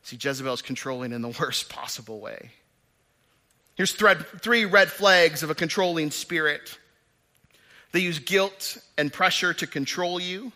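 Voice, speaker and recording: High bright-voiced man preaching. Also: unhurried. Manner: energetic, swings from loud emphatic to quiet. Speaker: pastor. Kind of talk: sermon.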